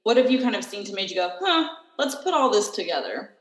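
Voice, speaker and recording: A woman's voice: mid-range voice, big pitch swings, a little fast. A woman hosting a podcast interview, asking friendly, encouraging questions. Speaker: podcast host. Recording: echoey room with long reverb.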